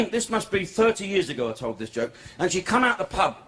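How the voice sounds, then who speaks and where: A man's voice: high voice, big pitch swings, fairly quick, a bit bright. An older man performing a crude, rambling, profane stand-up routine on a comedy club stage. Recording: live club with crowd laughter.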